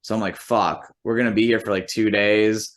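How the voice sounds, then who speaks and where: A musician and comedian spins a long anecdote in casual, rambling speech packed with "like" fillers and swearing, quoting the people involved in rough imitation. His voice is lowish and flat, at a moderate pace.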